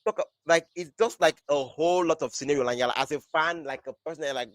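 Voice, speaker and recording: A man's voice: fairly high pitch, brisk, fairly bright tone, no room sound. A young man hosting a live wrestling podcast, rambling in casual chat and leaning on "like" as he restarts his thoughts. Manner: rambling, restarts often, says "like" a lot. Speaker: podcast host.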